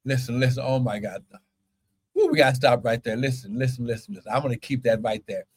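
A pastor preaching a fervent sermon, shouting scripture and breaking into exclamations between verses. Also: male voice, mid-range voice, quick pace, husky.

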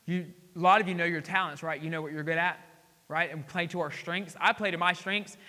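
A man pastor preaching a sermon, often asking the congregation questions and swinging between loud emphasis and quiet asides. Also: a little high, steady tone, fairly quick. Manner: call-and-response questions to the congregation. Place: church sanctuary. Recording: long hall reverb.

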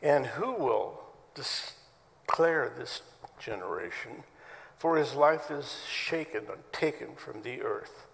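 A man's voice: mid-range voice, animated, takes it slowly, creaky, a bit bright, long reverb tail, poor audio. A man preaching a sermon as pastor to his church, telling stories in a conversational way. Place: church sanctuary.

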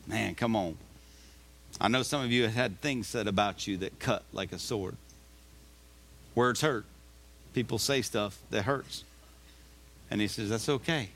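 A male pastor delivering a sermon, reading scripture slowly and urging listeners on with emphatic, repeated exhortations. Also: fairly low pitch, a bit bright. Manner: reads scripture aloud slowly.

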